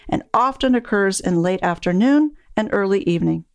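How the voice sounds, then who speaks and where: A woman narrates in a calm, measured way as a dementia care coach. Her voice sits at a middle pitch. The recording is close and dry, with no room sound. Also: no echo, soft background music. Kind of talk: scripted narration.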